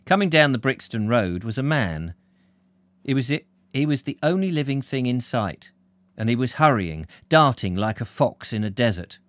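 A British live-stream host reads a novel aloud at normal speed, his medium-pitched voice very animated, with no room sound. After the reading he chats with viewers and warmly reads out their comments.

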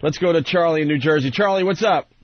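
A man's voice: fairly high pitch, fast, a little hiss or hum. Easygoing male radio host taking calls. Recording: muffled radio broadcast.

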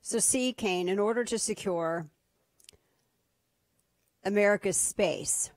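A woman's voice: mid-range voice, slow, no echo, studio quality. A woman hosting a political talk radio show, speaking casually with a sarcastic, mocking edge. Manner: sarcastic, mocking, lively asides.

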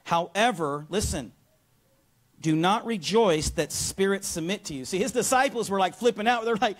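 An energetic man preaching from the pulpit, his voice sitting a little high for a man. He keeps pulling the congregation in with quick calls for an answer, in a church sanctuary. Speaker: pastor. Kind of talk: sermon.

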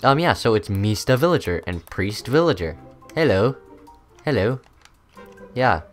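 Young guy with a kinda low voice rambling through his game, lots of ums, bit of music in the back. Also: big pitch swings, normal speed, a bit bright. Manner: rambling, chatty, many ums and uhs. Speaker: gaming channel host. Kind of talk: casual gameplay commentary.

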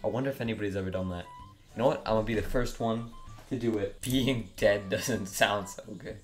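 A man's voice: fairly low pitch, fairly quick, soft background music. A young man giving crude, mocking commentary while trolling other players in an online game. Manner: joking, mocking, crude humor. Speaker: gaming YouTuber.

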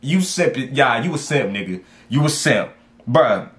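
Animated, slangy man with lively pitch. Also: normal speed. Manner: animated, slangy, repeats for emphasis. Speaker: dating advice vlogger. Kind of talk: casual reaction commentary.

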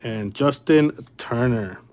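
A man's voice: medium pitch, slow pace, darkish tone. A man hosting a casual livestream card break, laid-back and friendly with viewers, calling them brother and man. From Chicago area.

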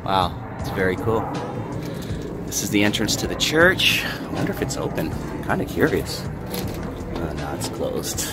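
A man talking casually as he walks and films, reminiscing and sometimes dropping to a hush. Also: low-pitched, sing-song, unhurried, over loud music. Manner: reminiscing, hushed at times. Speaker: vlogger. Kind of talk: casual walking vlog.

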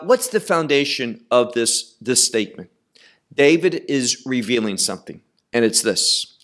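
Male bible teacher, slow delivery, raised voice, emphatic, repeats key words. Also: a little high, fairly bright tone.

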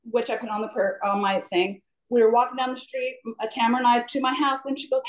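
Lady on a video call telling her story, kinda high voice, lots of ums, apologizes a bunch. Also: steady tone, quick pace, few pauses, low-quality recording. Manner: eager, apologetic, rambling with many ums. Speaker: class participant. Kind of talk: sharing a personal testimony.

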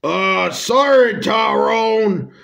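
A reluctant cartoon dinosaur who whines and stammers in a raised, high voice, put on by a man reading his own story. He hesitates before every complaint. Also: extremely slow, creaky, a bit bright, exaggerated voice. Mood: indignant.

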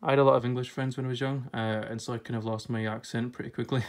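A young man from Scotland with a Scottish accent, talking casually in a vlog. He chats freely and laughs a lot, and he reads passages aloud in a halting, stop-and-start way. His voice sits at a middling pitch. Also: flat delivery. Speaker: vlogger. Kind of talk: casual unboxing chat.

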